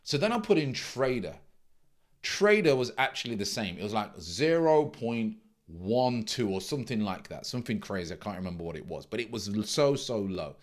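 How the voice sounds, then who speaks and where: A man's voice: lowish voice, big pitch swings, normal speed. A middle-aged man, a trading mentor giving a blunt, emphatic casual monologue that repeats its key points.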